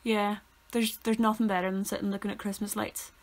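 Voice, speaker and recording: A woman's voice: medium pitch, level tone, a little fast. A young woman co-hosting a casual podcast who mostly chimes in with dry, brief remarks. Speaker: podcast co-host. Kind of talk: casual chat.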